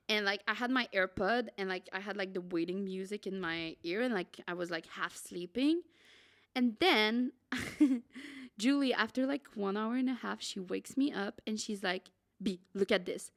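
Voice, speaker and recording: A young woman, a podcast co-host, telling a travel story in a dramatic, excitable way and saying "like" a lot. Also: medium pitch, unhurried. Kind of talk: casual storytelling.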